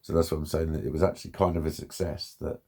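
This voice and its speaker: A man's voice: rumbling low, fairly even intonation, fast, vocal fry, warm tone, slightly rough. A man talking bluntly and frustrated in a candid vlog monologue, swearing often and repeating himself. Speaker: vlogger.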